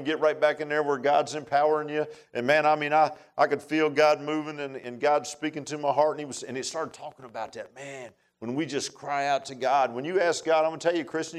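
A man preaching a sermon in a folksy, emphatic way, with many asides to the congregation. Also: on the high side. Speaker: pastor.

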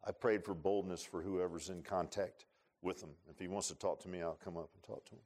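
A male pastor preaching a sermon, repeating himself and swinging from quiet, confiding lines to loud, fervent peaks. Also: low-pitched, steady tone, a little fast. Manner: repeats words and restarts, folksy asides.

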